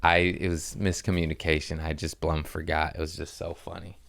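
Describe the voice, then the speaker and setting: A man's voice: very deep voice, flat delivery, moderate pace, vocal fry, fairly bright tone, no room sound. A man, a stand-up comic hosting a podcast, telling stories in a casual, rambling way, laughing often and swearing freely. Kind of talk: casual storytelling chat.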